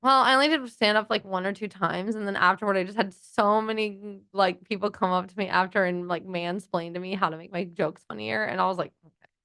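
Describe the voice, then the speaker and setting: Woman, podcast guest, rapid talker, chatty, dry close sound. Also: medium pitch, smooth, dry recording. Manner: animated, chatty, many fillers and acted-out quotes. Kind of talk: casual interview chat.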